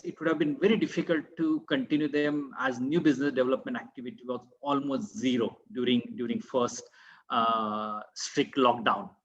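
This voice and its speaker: Man, panelist, video call, dull audio, methodical, steady. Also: medium pitch. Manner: methodical, steady explanation with frequent "uh" pauses. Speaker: panelist, business owner. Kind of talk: online panel discussion.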